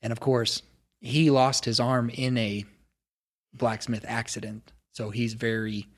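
A man's voice: medium pitch, flat delivery, measured pace. A man running a tabletop game as game master, narrating casually with lots of filler words.

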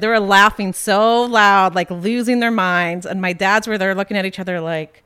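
A woman comedian chatting casually as a podcast guest, telling animated stories. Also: medium pitch, normal speed, clear, resonant tone. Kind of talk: casual podcast chat, storytelling.

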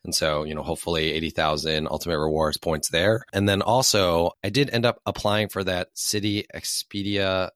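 A hoarse man with a low voice, co-hosting a podcast in a casual, joking way. His tone is sharp and tense. He is recorded dry and close. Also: fairly even intonation, moderate pace, few pauses, no echo. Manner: joking, conversational. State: hoarse from a cold. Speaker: podcast co-host. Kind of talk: casual chat.

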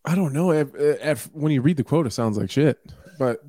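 A man co-hosting a podcast, chatting in a relaxed, slightly hesitant way. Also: medium pitch, moderate pace. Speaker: podcast co-host. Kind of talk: casual chat.

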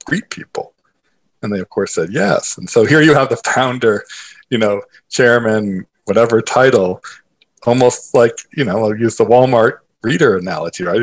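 A man being interviewed as a guest, telling a personal story in a lively conversational way, full of filler phrases and restarts. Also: medium pitch, husky. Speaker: interview guest, author and investor.

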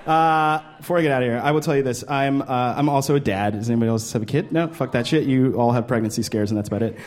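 A man doing a stand-up routine on a club stage, animated and laughing, jumping to shrill voices for quoted people. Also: fast. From Brooklyn. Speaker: stand-up comedian.

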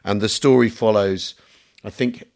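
A man's voice: fairly low pitch, fairly even intonation, a little slow, vocal fry, a little mellow. A middle-aged English man co-hosting a history podcast, joking and rambling with lots of fillers and restarts. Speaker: podcast co-host. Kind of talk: casual chat.

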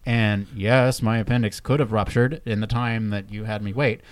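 A man's voice: on the low side, fairly even intonation, normal speed, no echo. A man co-hosting a podcast, chatting casually and wandering off into tangents and personal stories. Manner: rambling, tangent-prone storyteller. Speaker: podcast co-host.

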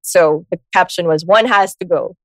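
A woman co-hosting a casual podcast chat, giggly and quick to laugh, speaking into a studio mic. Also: lowish voice, no room sound. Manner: giggly, lively, laughs often. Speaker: podcast co-host.

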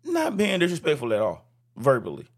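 A man with a somewhat high voice tells stories in a loose, casual chat. He swears freely and acts out the quoted dialogue with a lot of energy. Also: wildly swooping pitch, a little fast.

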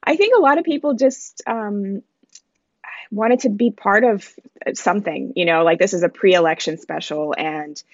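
Lively Jamaican-born woman telling stories. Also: mid-range voice, normal speed, no room sound, lo-fi sound. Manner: animated storytelling, laughs often, acts out quoted voices. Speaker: comedian, guest. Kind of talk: interview conversation.

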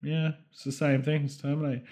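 A man co-hosting a podcast, rambling through absurd comic theories in a deadpan way. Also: on the high side. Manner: rambling deadpan absurd riffs, quick bursts of put-on voices. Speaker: podcast co-host. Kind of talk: comedic podcast banter.

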